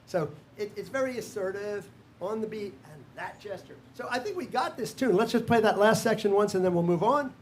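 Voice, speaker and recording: A high-voiced older man teaches a room full of players. He chats casually, hums the tunes out loud and counts the band in. Faint room noise hangs behind him. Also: a little fast. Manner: scats melodies, counts in, laughs often. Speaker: workshop leader. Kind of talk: teaching a live music workshop.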